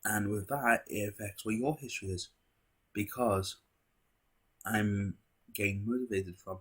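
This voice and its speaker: Man, husky voice, lowish pitch, musing monologue, rhetorical questions, video host. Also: a little slow, long pauses, fairly bright tone. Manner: philosophical, asks rhetorical questions.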